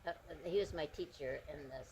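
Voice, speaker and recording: A woman guest in a casual interview, speaking gently with frequent fillers and pauses. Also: low-pitched, a little hiss or hum, rough recording.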